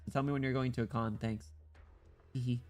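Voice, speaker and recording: Male streamer, rambling and excitable, mid voice, squeals when delighted. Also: medium pitch, fairly quick, faint music behind. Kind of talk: casual livestream chat while reading a game story.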